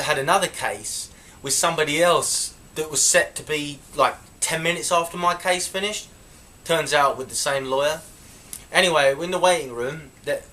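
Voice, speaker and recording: A man's voice: a little high, sharp tone. Indignant young man telling a story. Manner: indignant, chatty retelling. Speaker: vlogger. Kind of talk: casual storytelling to camera.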